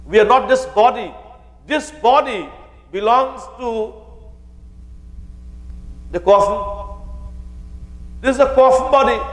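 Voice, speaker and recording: A man's voice: sits high, in a large hall, low-quality recording. A male pandit giving a sermon on the Ramayan, speaking to the devotees and quoting scripture. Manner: addresses listeners as devotees, quotes scripture.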